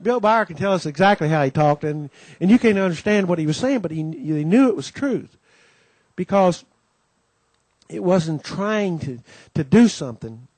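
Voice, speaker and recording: A man's voice: high-pitched, animated, moderate pace, a little mellow, no room sound. A man hosting a Christian conference, welcoming the audience with homespun stories and many asides. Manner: homespun storytelling, many "you know"s, acts out quoted voices. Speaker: conference host giving the welcome. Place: conference gathering.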